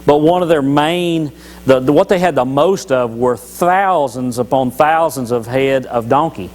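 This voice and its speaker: A man's voice: mid-range voice, a little slow, a little mellow, slight background noise, rough recording. A man giving a folksy, joking devotional talk at church, telling Bible stories with many restarts. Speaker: lay church speaker.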